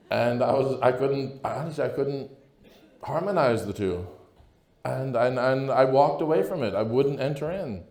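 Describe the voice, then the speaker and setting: A man with a warm, mellow voice gives an earnest talk to a conference crowd. He speaks in a casual, personal way and keeps checking in with his listeners. The sound rings in a large echoey hall. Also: mid-range voice, expressive, normal speed. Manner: earnest, conversational, keeps asking "right?". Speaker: priest.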